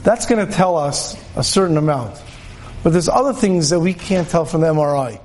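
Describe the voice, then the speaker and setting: A man giving a religious talk, telling a story in an animated way and acting out the people in it. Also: normal speed, a little hiss or hum. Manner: animated storyteller, voices characters with pitch jumps. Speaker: rabbi giving a Torah talk. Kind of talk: sermon with storytelling.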